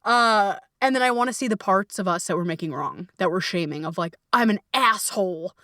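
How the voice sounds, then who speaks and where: Casual woman coach-host, frank and profane, mid pitch, dry slightly off-mic sound. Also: animated, brisk, fairly bright tone, no room sound, recorded from a distance. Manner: candid, swears freely, many fillers. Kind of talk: casual reflective coaching talk.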